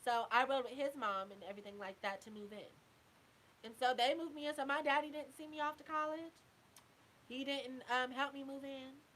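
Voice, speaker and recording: A woman's voice: high-pitched, fairly bright tone, slight background noise, rough recording. A young adult woman host telling a personal story in a candid, profane, casual way, often turning to her listeners.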